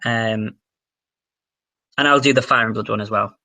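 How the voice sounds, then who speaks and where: A man's voice: on the low side, steady tone, normal speed, sharp tone. A man livestreaming, casually reading viewer comments and answering questions in an offhand, chatty way.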